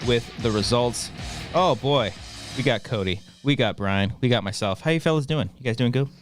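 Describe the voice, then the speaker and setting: A man's voice: medium pitch, normal speed, faint music behind. A young man hosting a casual comedy podcast, joking and teasing his friends. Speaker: podcast host.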